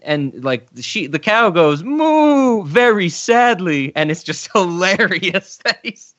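A man co-hosting a podcast in casual chat, enthusiastic and quick to laugh. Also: a little high, lively intonation, pushed and bright. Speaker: podcast co-host. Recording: slightly dull, lo-fi recording.

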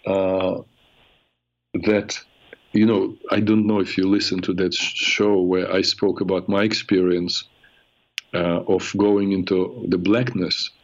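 A man hosting a call-in advice show, speaking earnestly and reflectively with frequent halting restarts. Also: sits low, flat delivery. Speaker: radio show host and therapist. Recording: muffled radio broadcast sound.

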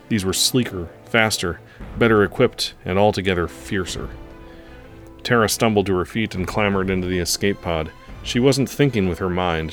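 A man reading a story aloud in an earnest, steady narrating manner. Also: sits low.

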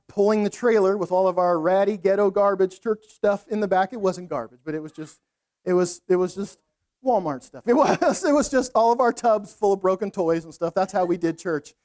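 Middle-aged male pastor, high-pitched, casual storytelling sermon delivery. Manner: conversational, animated storytelling with laughs.

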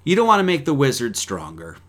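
A man preaching in a fiery, profane way, swinging between loud outbursts and quiet asides. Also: medium pitch, huge pitch swings, a little fast. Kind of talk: profane sermon-style talk.

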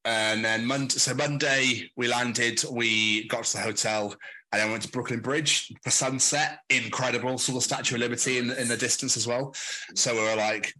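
A man's voice: mid-range voice, steady tone, normal speed, bright, forceful tone, low-quality recording. A man hosting a casual podcast, blunt and swearing as he tells travel stories. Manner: blunt, swearing, storytelling, mimics others. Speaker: podcast host. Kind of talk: casual chat.

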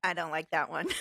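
A woman's voice: low-pitched, gravelly, pushed and bright, no echo, clean studio sound. A woman co-hosting a podcast in casual chat, giggling often and playful as she reads things aloud. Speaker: podcast co-host.

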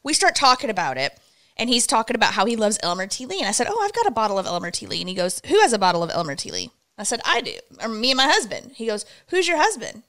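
A woman's voice: on the high side, very animated, fast talker, a bit bright. A woman co-hosting a casual chat, telling a story expressively with indignant flair. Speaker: podcast co-host.

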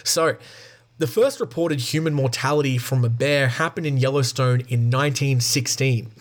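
A man's voice: mid-range voice, moderate pace. A man casually reading stories from a book aloud, breaking off for jokey, profane asides.

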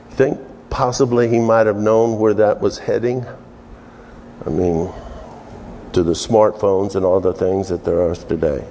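A man's voice: a little slow, darkish tone. A man preaching a conversational sermon, telling the story with emphatic, jumpy delivery. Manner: storytelling, emphatic, with sudden pitch jumps. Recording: long reverb of a large hall.

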